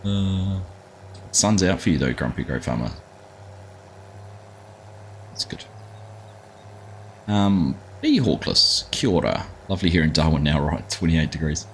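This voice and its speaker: A man's voice: very deep voice, lively intonation, a little slow, long pauses, slight background noise. A middle-aged Australian man hosting a live gaming stream, chatting casually and greeting viewers by name, often calling them mate. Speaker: livestream gaming host.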